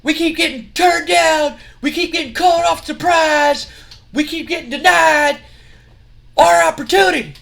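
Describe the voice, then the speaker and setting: A man voicing a brash, furious male wrestler who yells insults. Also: very high-pitched, unhurried, vocal fry, voice pushed up, full character voice. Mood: furious yelling. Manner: yelling insults, aggressive.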